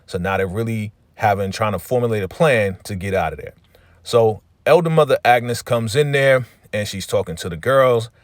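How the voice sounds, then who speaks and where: A man's voice: on the low side, moderate pace, no echo. A man casually retelling a drama episode as a recap host, loosely quoting the characters in his own voice and dropping many fillers.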